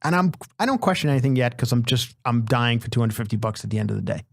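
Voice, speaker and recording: A man's voice: medium pitch, quick pace, gravelly, no room sound. A man hosting a podcast, telling a long comic story in a casual, profane way and acting out the people in it. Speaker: podcast host.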